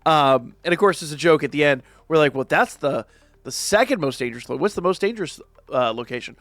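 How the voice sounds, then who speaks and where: A man with a slightly high voice chats through an anime episode review, animated and jokey, tripping over restarts and filler words. His voice is close and dry, with faint music playing behind him. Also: brisk, no echo. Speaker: reaction channel host.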